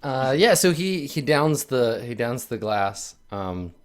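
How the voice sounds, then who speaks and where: A man in a mid register runs a tabletop game as game master. He narrates loosely, with plenty of pauses and fillers. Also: medium pitch, big pitch swings. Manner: hesitant, full of fillers, lightly amused.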